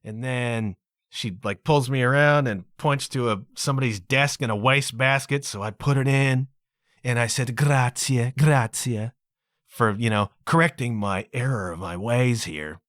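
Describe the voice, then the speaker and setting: A man's voice: medium pitch, normal speed, dry recording, studio quality. A man hosting his own podcast, telling travel stories in a casual, exclaiming way, dropping "man" and "dude" often. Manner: animated, exclaiming storyteller with frequent "man" and "dude". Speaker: podcast host. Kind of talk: casual solo podcast monologue.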